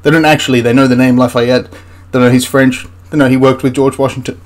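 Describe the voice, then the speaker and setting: A man's voice: medium pitch, little pitch movement, fast. A man hosting a history channel, ranting through a film critique in an exasperated, rambling way with frequent restarts.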